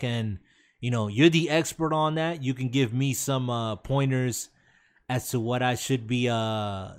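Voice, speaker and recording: Slow, laid-back male podcast host. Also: medium pitch. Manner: laid-back, slow-talking, reads chat aloud. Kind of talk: casual live-stream chat.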